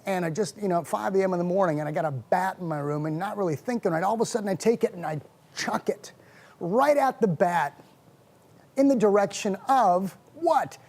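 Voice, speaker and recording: Animated man telling a funny story. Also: sits high, brisk. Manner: animated, playful, self-mocking. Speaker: host of a wellness show. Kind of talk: casual storytelling monologue.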